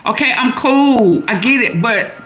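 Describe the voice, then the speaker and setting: Her voice is a little high, expressive, and fairly bright, moving at a measured pace over soft background music. As a middle-aged livestream host, she chats away, answering viewers' comments out loud with plenty of laughter.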